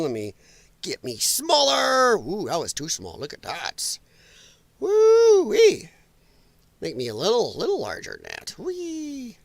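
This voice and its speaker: High-voiced ranting male commentator. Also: a bit bright, no room sound. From Illinois, US. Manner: ranting, sarcastic, crude. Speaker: host. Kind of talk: political commentary livestream.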